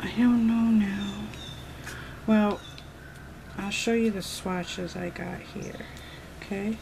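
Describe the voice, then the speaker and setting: Slow, gushing nail-art vlogger woman, gravelly voice, noisy home recording. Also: mid-range voice, steady tone. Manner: gushing, chatty, thinking aloud. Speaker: beauty vlogger. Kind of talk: casual unboxing chat.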